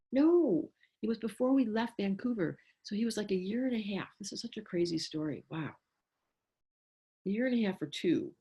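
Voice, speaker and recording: A middle-aged woman giving a casual talk to parents as an astrologer, animated and acting out what she would say to a child. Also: medium pitch.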